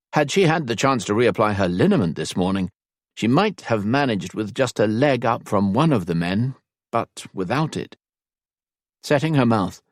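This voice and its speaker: A man narrating an audiobook in measured, even storytelling. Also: on the low side, dry recording, studio quality. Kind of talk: scripted narration.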